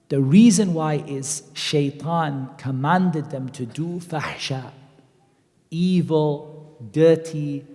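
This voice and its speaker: Male preacher, animated and conversational, somewhat high pitch, recorded in an echoing mosque hall. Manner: animated and conversational, acting out quoted voices. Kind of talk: Islamic lecture.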